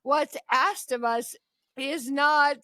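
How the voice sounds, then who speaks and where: A high-pitched woman hosts a podcast interview. She talks in an effusive, enthusiastic way and piles praise on her guest. Her voice is recorded close and dry, with no room sound. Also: fairly even intonation, slow, pushed and bright, dry recording, rough recording. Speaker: podcast host.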